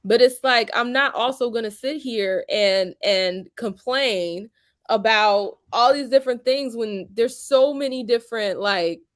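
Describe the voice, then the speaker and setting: Chatty higher-voiced woman host. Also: unhurried, fairly bright tone, no echo, clean studio sound. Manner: chatty, laughing often, many fillers. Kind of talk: casual discussion stream.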